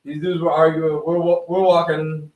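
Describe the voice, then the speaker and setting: High-voiced man in an echoey room. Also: moderate pace, recorded from a distance. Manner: animated, profane storytelling. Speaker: show co-host. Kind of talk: live webshow recap chat.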